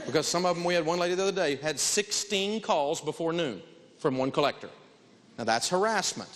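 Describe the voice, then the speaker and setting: A man lectures on handling debt in a blunt, emphatic, folksy way. His voice sits slightly high for a man. The sound rings with the long reverb of a large hall. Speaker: personal finance teacher. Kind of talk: lecturing an audience.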